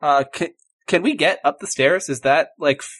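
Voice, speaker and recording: A man's voice: a little high, normal speed, fairly bright tone, husky. A man playing a tabletop game who talks in a joking, playful way. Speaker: player. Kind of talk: casual tabletop game play.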